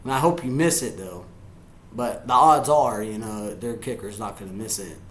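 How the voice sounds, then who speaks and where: A man giving excitable live reaction commentary on a football game, yelling at the players and chuckling often. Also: on the low side, normal speed, reverberant. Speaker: sports fan reacting to a game.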